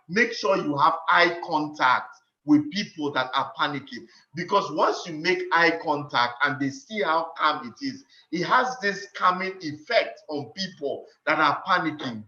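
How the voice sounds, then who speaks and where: A man's voice: a little high, moderate pace, pushed and bright. A man giving a motivational teaching talk on leadership, earnest and instructive, often repeating phrases for emphasis. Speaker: leadership speaker. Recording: roomy, dull lo-fi sound.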